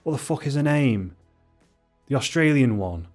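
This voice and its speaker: A young man giving casual, unscripted film commentary, rambling and swearing, mocking himself and breaking into sudden high-pitched exclamations. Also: expressive, normal speed, a little mellow, faint music behind.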